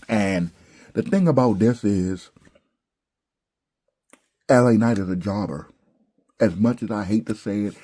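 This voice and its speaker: A man's voice: fairly low pitch, warm tone. A young man ranting bluntly about a wrestling show, exasperated and profane, with slangy asides. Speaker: wrestling commentary vlogger.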